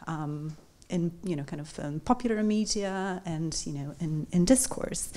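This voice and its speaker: Woman in the audience asking a long careful question, lowish mellow voice, few ums. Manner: measured, thoughtful, some hesitation. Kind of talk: academic question from the floor.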